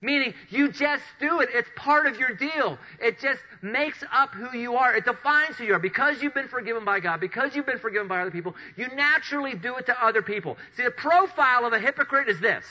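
Pastor guy preaching, high bright forceful voice, acts out the story people, kinda muffled lo-fi recording. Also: brisk. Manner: animated storytelling, acting out Bible characters. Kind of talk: sermon. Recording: dull lo-fi sound.

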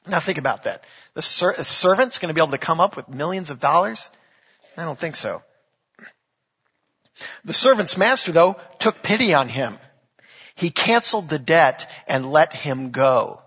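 A pastor delivers a sermon in a chatty way, dropping jokes and asides between scripture readings. His voice sits high and bright with a husky edge. The sound rings through a large church hall on a dull, lo-fi recording. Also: lively intonation, measured pace, long pauses. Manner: conversational preaching with jokes and asides.

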